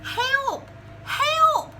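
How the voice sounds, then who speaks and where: A woman's voice: sing-song, slow pace, pushed and bright, slight background noise, heavily acted. A woman voicing a cat in a storybook. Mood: panicked. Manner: smooth and sure, then shrill cries for help. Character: confident cat who later panics.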